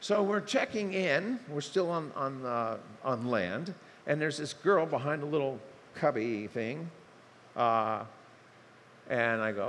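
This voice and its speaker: An older man preaching a sermon, telling stories in a lively, conversational way, acting out dialogue with humor. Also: mid-range voice, slow, a little hiss or hum. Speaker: pastor. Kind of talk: sermon storytelling. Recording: long hall reverb, faint ambience.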